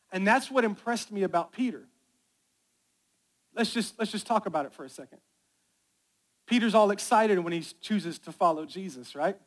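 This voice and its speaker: A middle-aged male pastor preaching a sermon, telling stories and building to loud, excited preaching. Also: sits high.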